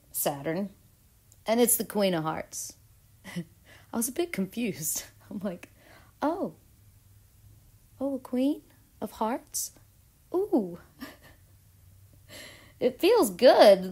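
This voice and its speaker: A woman vlogging a casual astrology and tarot reading, giggly and dramatic. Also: fairly high pitch.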